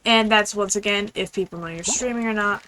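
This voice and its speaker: A young woman streaming a game, chatting casually in a rambling, fast, apologetic way. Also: mid-range voice, sharp tone, a little hiss or hum, rough recording. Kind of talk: casual gaming stream chat.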